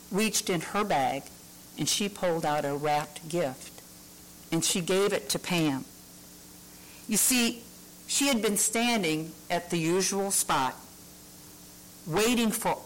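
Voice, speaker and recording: A woman's voice: fairly low pitch, a little hiss or hum, low-quality recording. A woman preacher giving a morning sermon, telling a story in a conversational way with hesitant fillers.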